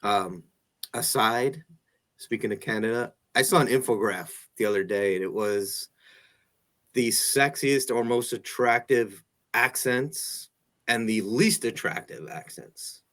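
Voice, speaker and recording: A man interviewing a guest in a relaxed conversation, joking and laughing often. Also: mid-range voice, unhurried. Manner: laughs often, loose and chatty. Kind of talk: casual chat.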